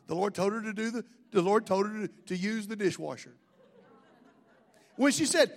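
A male pastor preaching a sermon, animated and joking, full of restarts and asides. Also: high voice, moderate pace, pauses often.

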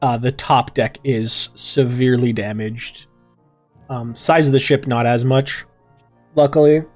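A man narrates a tabletop role-playing game as its game master. He talks in a loose, relaxed way full of fillers and small chuckles. Faint music plays underneath. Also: mid-range voice, measured pace.

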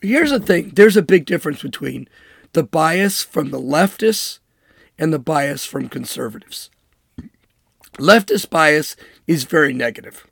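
Here a man speaks at a measured pace in a voice on the high side, creaky and a bit bright, with lively intonation. The studio-quality recording has no room sound. As host of a political commentary show, he gives an emphatic, sarcastic opinionated monologue, mocking with air quotes.

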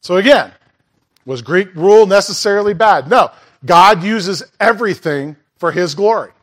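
A man's voice: high voice, animated, normal speed. A man preaching a sermon in a church in a conversational way, asking the congregation questions and making asides. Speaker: pastor.

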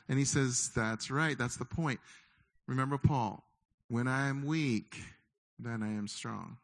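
Middle-aged man, pastor preaching, animated, conversational, acts out listeners' doubts, mid-pitched voice. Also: measured pace. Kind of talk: sermon.

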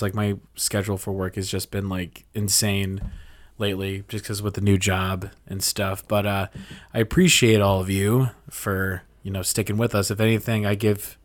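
A man hosting a podcast, talking in a relaxed way with many fillers. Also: on the low side. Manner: relaxed, filler-heavy talk. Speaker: podcast host. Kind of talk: casual chat.

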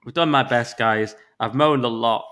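A man with a Northern English accent talks in his middle register, ranting about listener reviews. He is exasperated and sweary, and his voice leaps up in sudden loud spikes. He is getting over the flu, yet he keeps the casual back-and-forth of a podcast chat. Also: medium pitch, moderate pace. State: recovering from flu. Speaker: podcast co-host.

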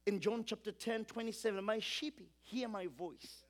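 High-voiced man preaching a sermon. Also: moderate pace. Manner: emphatic, repetitive build-ups, urges congregation to repeat.

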